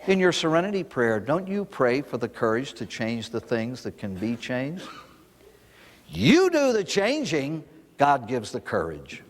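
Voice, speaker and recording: A man's voice: medium pitch, measured pace, in a large hall. An older man, a priest, giving a recovery talk to an audience, telling stories and asking rhetorical questions. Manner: storytelling, animated, with rhetorical questions.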